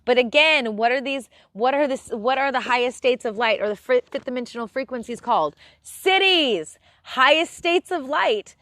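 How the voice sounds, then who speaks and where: A woman's voice: high voice, animated, moderate pace, hardly any pauses, a bit bright, no echo. Blunt, profane woman streamer. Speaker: live stream host. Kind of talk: casual spiritual rant.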